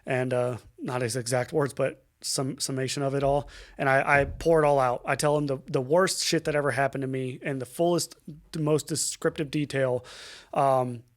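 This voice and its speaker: A young adult man, a podcast guest, telling a painful personal story in a halting, emotional way with many fillers, restarts and swearing. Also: medium pitch, steady tone.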